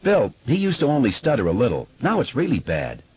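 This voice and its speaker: A man's voice: mid-range voice, huge pitch swings, brisk, a little mellow, husky, no room sound, muffled recording, pitched above the performer's own voice, exaggerated voice. A man voicing a fretful, chatty eleven-year-old boy with asthma, in an audiobook.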